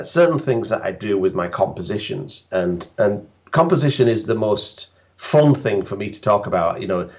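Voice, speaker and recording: A man's voice: on the low side, muffled recording. A man, a guest landscape photographer, bantering with dry, self-mocking humor on a live stream.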